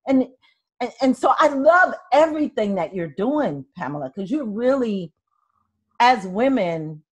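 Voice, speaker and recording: An older woman hosting a podcast, chatting casually and telling stories with soft laughs. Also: fairly high pitch, sing-song, measured pace, slightly rough. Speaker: podcast host. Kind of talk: casual interview chat.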